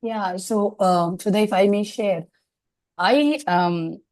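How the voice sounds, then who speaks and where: Woman, leadership coach, earnest, hesitant, mellow voice, dry close sound. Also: medium pitch, slow pace, no room sound. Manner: earnest, hesitant with many fillers. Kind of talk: sharing in an online group discussion.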